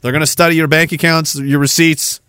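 A man's voice: fairly high pitch, little pitch movement, fairly quick, pushed and bright, clean tone, no room sound. A man hosting a livestream podcast, ranting sarcastically, laughing at his own riffs and reading chat comments aloud. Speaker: podcast host.

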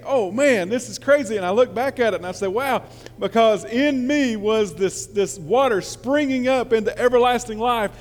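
A pastor, telling a story in his sermon. He swings from quiet, confiding asides to loud, excited preaching. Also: sits high. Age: 40s. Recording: long reverb of a church hall.

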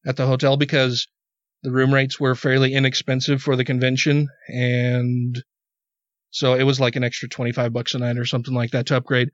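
A man's voice: medium pitch, monotone, a little fast, no room sound. A man hosting a podcast, telling a rambling story in casual chat, cursing freely and repeating words when worked up. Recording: dull, dry podcast audio.

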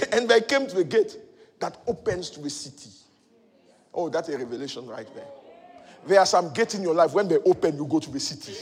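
A male preacher giving a sermon, moving between loud shouted exhortation and quiet teaching. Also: on the high side, animated, brisk. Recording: long hall reverb.

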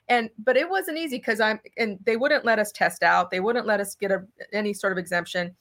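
A woman's voice: medium pitch, fairly quick, few pauses. A middle-aged woman from California, a guest in a conversational interview, telling a story animatedly and acting out the dialogue. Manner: animated, acts out dialogue in quotes. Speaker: political candidate guest.

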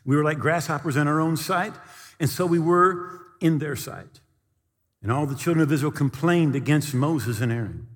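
A male pastor preaching a sermon, telling stories with animated delivery and shouting the quoted lines. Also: a little high, moderate pace, long reverb tail.

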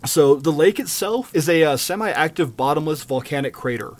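A man's voice: a little high, lively intonation, moderate pace. A man co-hosting a casual podcast, telling a story in a loose, joking way with plenty of fillers and swearing. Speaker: podcast co-host.

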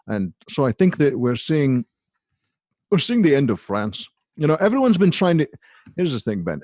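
Doing a comedic impression during a podcast chat, a man plays a crude, boastful aging film star who rambles through profane rants. His voice is gravelly and husky, mid-range and a little mellow, captured with studio quality and no echo.

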